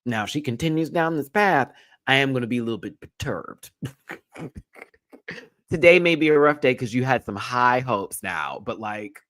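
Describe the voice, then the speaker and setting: A man's voice: moderate pace, dry recording. Emphatic slangy man, dry close sound. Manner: animated, emphatic, slangy and profane; swings between loud bursts and low muttering. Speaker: show host reviewing a TV episode. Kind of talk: live-stream commentary.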